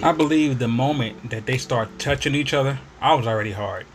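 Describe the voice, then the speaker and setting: A man telling a funny personal story in a casual, slangy, animated way, sometimes laughing. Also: mid-range voice, brisk, hardly any pauses. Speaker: storyteller vlogger. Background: video game music.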